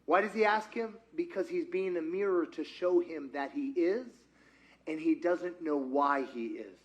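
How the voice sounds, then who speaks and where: A pastor delivers a sermon in a fairly high voice for a man. He talks in a loose, animated way, stopping often to put questions to the congregation. He is speaking in a church. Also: measured pace, dull audio. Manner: asks the congregation frequent questions; conversational and animated. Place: church sanctuary.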